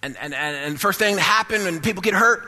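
A man with a high, bright, ringing voice preaches a sermon in a church sanctuary. He drives his points home by repeating and restarting phrases, rises into a sing-song preaching cadence, and calls out for bigger amens. The sound carries a long echo from the hall. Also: animated, fast. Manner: repetitive, emphatic, with frequent restarts.

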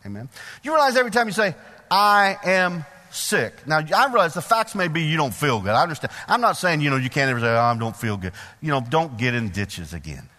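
A middle-aged male preacher giving a sermon in a church, folksy and animated, putting questions to the congregation. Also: a little high, fast talker. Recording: long hall reverb.

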